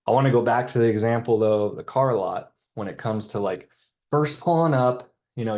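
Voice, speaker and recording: A man giving a casual sales training on a video call, talking in a relaxed, chatty way and acting out sales lines. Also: lowish voice. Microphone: computer mic on a video call.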